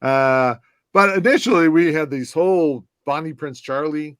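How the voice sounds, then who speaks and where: A man's voice: a little high, normal speed, smooth, no room sound, studio quality. Chatty man from telling stories. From southwest side of Chicago, US. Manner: animated anecdotes with many restarts and fillers. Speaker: former whisky brand ambassador, guest. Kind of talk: casual conversational storytelling.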